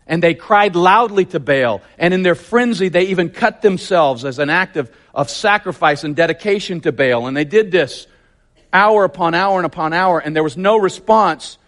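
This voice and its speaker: A man's voice: high-pitched, moderate pace, fairly bright tone. A man preaching a sermon, telling the story vividly and emphatically with lots of repetition.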